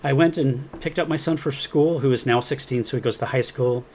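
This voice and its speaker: A man in his fifties, a podcast guest recounting his experiences with lively, animated energy. He slips into the voices of the people he quotes and laughs easily, at an ordinary pitch for a man, with a faint hiss of noise behind him. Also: a little fast. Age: 50s. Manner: animated, acts out quoted dialogue, laughs often. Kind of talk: casual interview storytelling.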